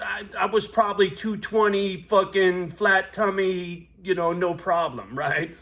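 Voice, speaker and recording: A man's voice: high-pitched, steady tone, measured pace, hardly any pauses, a bit bright. A man in his fifties telling a blunt, profane, streetwise story in a vlog, asking "right?" again and again. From US West Coast. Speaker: vlogger.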